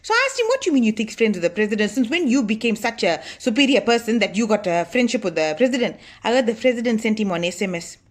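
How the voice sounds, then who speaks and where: A woman's voice: a little high, sing-song, quick pace, hardly any pauses. A woman playing a bossy older auntie who chats to viewers in a comic monologue, scolding and gossiping about her lazy husband. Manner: chatty, gossipy, scolding, addresses viewers as y'all. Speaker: comedy sketch character.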